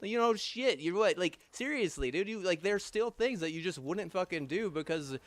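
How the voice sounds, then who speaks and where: A young man with a fairly high voice rants angrily into the camera. He swears in nearly every sentence, circles back over half-finished thoughts and piles on fillers. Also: lively intonation, no room sound. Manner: angry, heavy swearing, halting restarts and fillers. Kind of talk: profane rambling rant.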